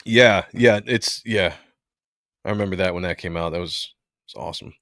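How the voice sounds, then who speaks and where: A man hosting a casual comic book livestream, chatting in a relaxed way and reading comic lines aloud. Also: low-pitched, normal speed, no room sound. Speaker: host.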